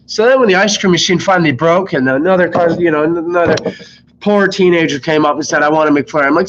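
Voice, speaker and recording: A young man, sick, telling rambling, exasperated stories about his fast-food job on a live stream, swearing constantly. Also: a little high, a bit bright. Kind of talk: casual live-stream storytelling. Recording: slightly dull lo-fi mic with faint noise.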